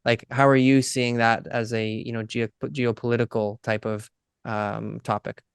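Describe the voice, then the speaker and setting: A man's voice: mid-range voice, level tone, unhurried, gravelly, clear, resonant tone, no room sound, studio quality. A man co-hosting a casual podcast, asking questions in a hesitant way with many fillers. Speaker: podcast co-host.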